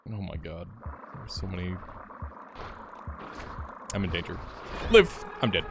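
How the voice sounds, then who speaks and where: A young man streaming a game, telling a story in a casual, animated way, swearing freely, laughing often and jumping higher when excited. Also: a little slow, creaky, over loud music. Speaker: gaming streamer. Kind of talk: casual live-stream chat.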